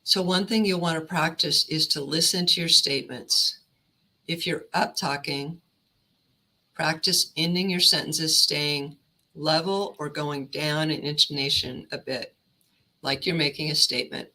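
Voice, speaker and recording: Bright-voiced woman coaching on pay. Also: sits low, measured pace, rough recording. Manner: steady, instructive delivery. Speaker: career counselor. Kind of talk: presentation.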